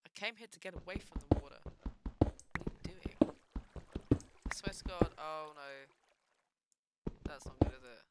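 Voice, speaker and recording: A woman's voice: low-pitched, normal speed, long pauses. A young woman giving nervous, jumpy commentary while playing a video game at home, talking to herself and swearing. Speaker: gaming streamer. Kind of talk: casual gameplay commentary. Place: home room at a computer. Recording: loud background noise.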